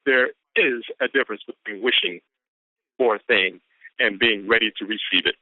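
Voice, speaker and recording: A man's voice: lowish voice, normal speed, dry recording. A man giving an exuberant, repetitive motivational pep talk on a business conference call, whooping often. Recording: tinny phone line.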